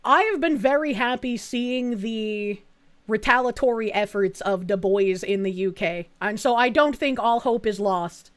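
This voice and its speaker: A woman's voice: on the high side, a little slow. A young woman streamer chatting casually, reading viewer messages aloud and answering them. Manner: chatty, reads messages aloud, frequent fillers and laughs. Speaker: streamer reading chat donations. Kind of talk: casual livestream chat.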